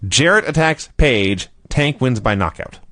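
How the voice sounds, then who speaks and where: A man's voice: mid-range voice, expressive, a little slow, sharp tone, no echo. A man co-hosting a podcast, recapping an old wrestling show with sarcastic, profane jokes. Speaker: podcast co-host. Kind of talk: casual chat.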